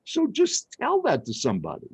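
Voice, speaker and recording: A man's voice: high voice, normal speed, creaky, husky, no echo, poor audio. An older man, a speech coach, telling dramatic personal stories as an interview guest. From Arizona, United States. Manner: animated, dramatic storyteller. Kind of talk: storytelling interview.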